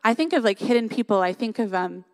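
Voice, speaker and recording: A woman's voice: fairly high pitch, lively intonation, quick pace, darkish tone. A young woman giving a sermon in an earnest, conversational way, often adding "like" and "right?". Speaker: worship leader giving a church talk.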